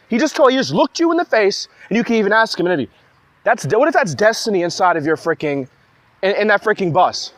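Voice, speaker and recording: Young guy ranting heated, high voice, keeps restarting his sentences. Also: big pitch swings, fast, a bit bright, no room sound. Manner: agitated, rambling, full of restarts. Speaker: vlogger ranting to camera. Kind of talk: heated personal monologue.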